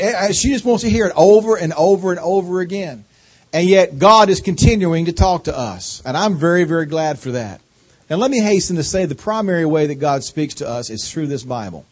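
A man's voice: a little high, lively intonation, breathy edge. A middle-aged man with a Southern accent preaching a sermon as a guest speaker, folksy and joking, drawing out his words. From North Carolina. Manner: folksy and joking, slow drawling delivery.

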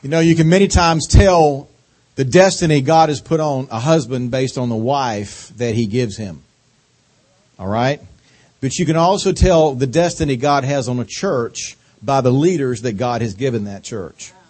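A middle-aged man preaching with a slow Southern drawl. He keeps a folksy, joking tone as a visiting preacher and savors his syllables, at a pitch that sits in the middle for a man. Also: a little mellow. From North Carolina. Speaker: guest preacher. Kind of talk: sermon.

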